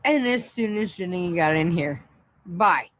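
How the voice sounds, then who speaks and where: A woman's voice: on the low side, lively intonation, measured pace, poor audio. A woman hosting a casual livestream, laughing constantly between phrases and swearing casually. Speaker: livestream host.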